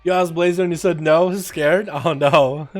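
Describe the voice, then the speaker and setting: A man with a slightly high voice livestreams a game at a moderate pace, with soft music playing in the background. He chats loosely with viewers, swears now and then, and hypes up the crowd.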